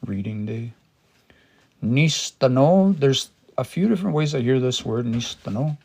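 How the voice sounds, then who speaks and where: A Cree language teacher with a gravelly, mid-pitched voice gives a casual lesson, expressive and unhurried with a slightly mellow tone. He thinks aloud, restarts phrases, and sounds words out syllable by syllable.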